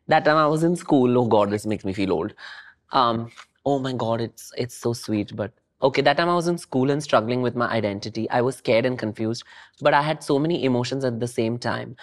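A young adult guest with an Indian accent, talking on a podcast in an expressive, gushing way. Laughter breaks in often, and Hindi words slip into the English. The voice sits at an ordinary middle pitch. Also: brisk. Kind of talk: casual conversation.

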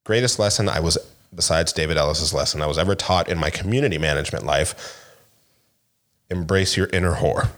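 A middle-aged man co-hosting a podcast, telling animated stories in casual chat and laughing often. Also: sits low, brisk. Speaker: podcast co-host.

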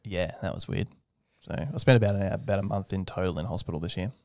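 A young man chats as an interview guest in a fairly low voice. He tells his story with animation, often jumping high to mimic other people. The sound is dry and close. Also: fast, warm tone, no echo. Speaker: aerospace engineer guest. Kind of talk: casual interview conversation.

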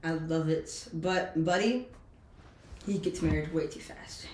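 A man's voice: on the high side, a little slow, darkish tone, a little hiss or hum. A man co-hosting a casual podcast, giving offhand, joking opinions. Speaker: podcast co-host. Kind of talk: casual chat. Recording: echoey room.

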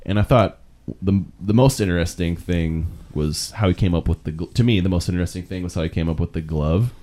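A man with a very low voice talks through film trivia in a relaxed podcast chat. He shares behind-the-scenes facts in a casual, easy way. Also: brisk. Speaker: podcast co-host.

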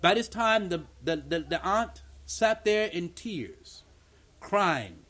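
A male pastor preaching an animated, story-driven sermon at a church meeting, acting out dialogue and repeating words for emphasis. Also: high-pitched, takes it slowly.

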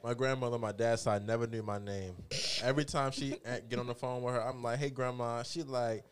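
A man co-hosting a casual chat, chiming in with relaxed slang and agreement. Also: mid-range voice, fast talker. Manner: laid-back, agreeing with slang interjections.

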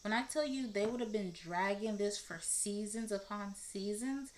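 A woman hosting a casual talk podcast, giving blunt and animated commentary and swearing freely. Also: medium pitch, moderate pace. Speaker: podcast host. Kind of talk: casual commentary on celebrity news.

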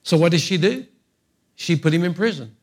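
A man preaching a sermon in an animated storytelling style, mixing humor and asides to the congregation. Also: high voice, brisk.

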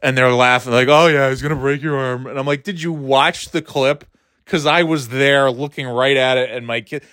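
A man talking sports in a loose, profane, rambling way. He laughs a lot and keeps jumping up in pitch when he gets worked up. His mid-range voice sounds dry and close to the mic, with no room around it. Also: a bit bright, no room sound. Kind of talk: casual sports rant.

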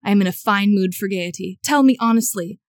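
A reckless young gentleman of the old gentry, tipsy and insistent, pressing his case with theatrical urgency, as a woman reads him aloud. The voice sits at an ordinary middle pitch, and the recording is close and dry. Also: a little fast, no room sound, lightly acted. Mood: urgent. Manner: dramatic period-novel reading. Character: brash charming young gentleman rake, drunk.

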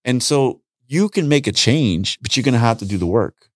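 A man talking casually on a podcast, an animated storyteller who acts out conversations and repeats his points. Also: medium pitch, moderate pace, dry recording, studio quality. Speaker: podcast guest, street preacher. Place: podcast studio.

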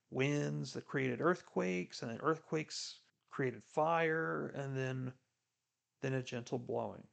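A man with a medium-pitched, gravelly voice offers earnest devotional commentary on a Bible reading. He sounds preacherly and encouraging, dropping to a hush whenever he quotes God's words.

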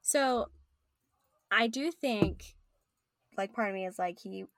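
A woman chatting casually about a book, animated and reading passages aloud. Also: mid-range voice, takes it slowly, no echo, studio quality.

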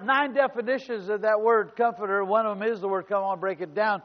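High-voiced preaching pastor, lo-fi. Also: male voice, steady tone, a little fast, hardly any pauses, in a large hall, a faint crowd. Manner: preaching with call-outs to the congregation. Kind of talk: sermon. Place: church. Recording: dull lo-fi sermon recording.

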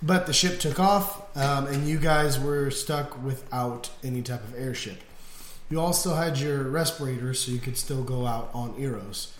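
A man narrating as game master of a tabletop game, easygoing and quick to laugh. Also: medium pitch. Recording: echoey room, faint noise.

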